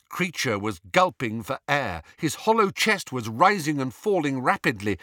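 A man reading a novel aloud as an audiobook narrator, in measured and expressive storytelling. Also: fairly high pitch, no room sound, clean studio sound. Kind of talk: scripted narration.

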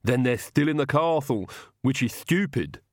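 A man voicing a big, gruff castle servant who talks slowly in a thick, sorrowful voice. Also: medium pitch, expressive, darkish tone, dry recording, clean studio sound, pitched above the performer's own voice, lightly acted. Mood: mournful.

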